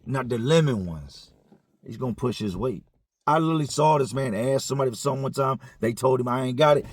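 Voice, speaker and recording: A man's voice: mid-range voice, husky, no echo. A man telling a story casually, in profane, slangy conversational speech.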